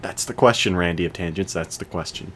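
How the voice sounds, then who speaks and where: A man's voice: low voice, fairly quick, a bit bright, slight background noise. A young man just over eighteen co-hosting a podcast, tossing out dry, teasing quips in casual banter. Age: young adult. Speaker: podcast co-host.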